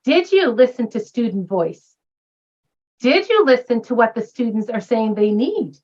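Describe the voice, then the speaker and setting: A woman's voice: a little high, lively intonation, measured pace, darkish tone, lo-fi sound. A retired woman professor speaking as a guest in a round-table discussion, emphatic and posing rhetorical questions.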